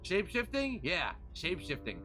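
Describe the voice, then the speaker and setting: Young male streamer; playful, chatty, talks straight to his chat; bright, animated voice. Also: high voice, normal speed, faint music behind. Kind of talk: live game stream commentary.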